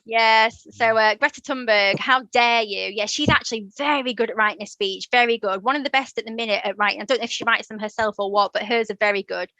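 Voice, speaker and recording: Bright-voiced woman teaching online. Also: fairly high pitch, steady tone, fast, few pauses, no echo, dull audio. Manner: encouraging, quizzes students and praises answers. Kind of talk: live online lesson.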